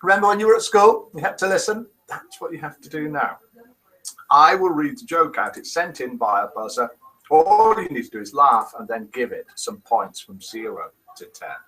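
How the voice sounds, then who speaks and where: A man's voice: a little high, expressive, normal speed, pushed and bright, poor audio. A British man hosting a live call-in show, reading out viewers' messages with a teasing, self-mocking manner.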